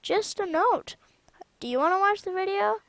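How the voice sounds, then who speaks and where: A woman's voice: very high voice, lively intonation, normal speed, creaky, a bit bright, no echo. A woman giving casual gameplay commentary on her own game mod, rambling and chatty and often stopping to correct herself.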